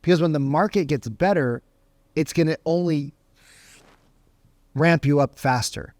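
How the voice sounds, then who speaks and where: Energetic man teaching sales, fairly high voice. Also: measured pace, dry recording. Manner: energetic, conversational, keeps asking "right?". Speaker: real estate sales coach. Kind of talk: motivational sales teaching to camera.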